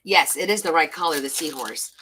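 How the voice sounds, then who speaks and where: A woman's voice: low voice, brisk, bright, forceful tone, slight background noise. A woman chatting casually to her viewers as she works on a junk journal, gushing over stickers with a self-described valley-girl lilt. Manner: chatty, talks to herself while sorting stickers, gushing. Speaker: crafting vlogger. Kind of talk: casual chat while crafting.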